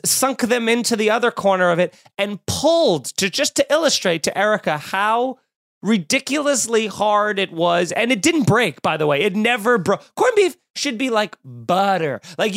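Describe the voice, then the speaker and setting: A man from Long Island hosts a podcast and tells a funny story in a loose, chatty way. He exaggerates for laughs and acts out the scenes. His voice sits high for a man. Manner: animated, exaggerated comic retelling. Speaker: podcast host. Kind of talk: casual comic storytelling.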